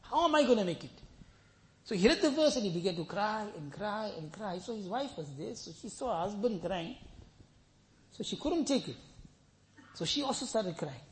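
A man's voice: high voice, normal speed, a little hiss or hum. A man preaching a sermon, telling scripture stories with emphatic repetition and breaking into chanted Arabic verses. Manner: lively storytelling, mixes in chanted Arabic verses; emphatic, repeats phrases for stress.

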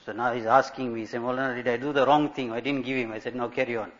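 This sermon comes from a man acting as an Islamic scholar, rapid-fire in delivery with a steady tone and a mid-range voice. Stories, rhetorical questions and Arabic religious vocabulary fill his talk. Sound quality is dull and lo-fi.

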